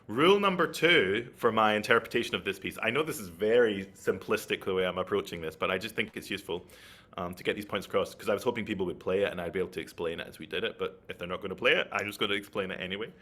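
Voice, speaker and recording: A man's voice: lowish voice, fast, pushed and bright. A man giving an online flute masterclass, explaining technique and checking in with his listeners as he goes. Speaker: flute teacher.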